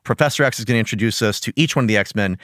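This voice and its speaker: A man's voice: on the low side, racing, fairly bright tone, dry recording, studio quality. A young man hosting a casual podcast, talking animatedly, laughing often and acting out character voices. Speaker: podcast host. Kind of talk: casual chat about a cartoon.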